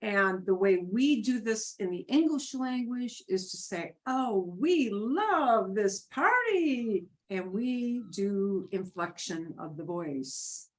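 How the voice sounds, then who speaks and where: A woman teaching a beginners' Spanish class, explaining grammar patiently with lively rises and falls in her voice. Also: medium pitch, takes it slowly, few pauses.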